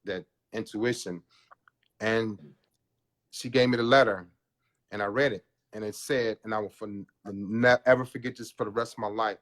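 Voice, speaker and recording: A man's voice: medium pitch, a bit bright. A man in his forties, a podcast guest, telling his story in an earnest, confessional way and calling the host bro. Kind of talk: candid personal interview.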